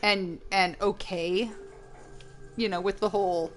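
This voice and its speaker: A woman's voice: mid-range voice, steady tone, slow pace, faint music behind. A woman co-hosting a game stream, talking in a chatty, rambling way with many restarts. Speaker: co-host of a gaming stream. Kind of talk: casual gameplay chat.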